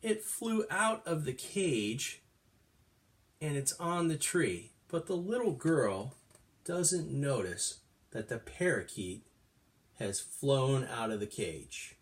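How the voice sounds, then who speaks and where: A middle-aged man teaching kindergarten, reading a storybook aloud in an animated, sing-song way. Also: mid-range voice, takes it slowly. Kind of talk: storytime lesson for young children.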